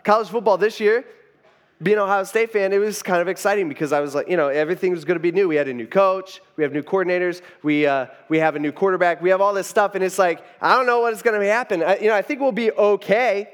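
Preaching fast in a large hall, this high-voiced man rambles informally through his sermon, restarting and saying "you know" again and again.

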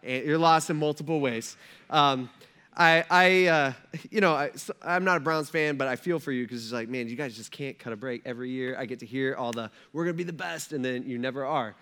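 Male pastor, animated joking sermon delivery, bright forceful tone. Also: medium pitch, fairly quick, smooth. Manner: animated, joking storytelling with asides to the congregation.

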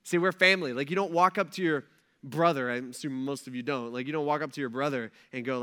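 Bright-voiced chatty pastor man. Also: a little high, lively intonation, fast talker. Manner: chatty and joking, slangy asides. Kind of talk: casual conversational sermon. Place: church.

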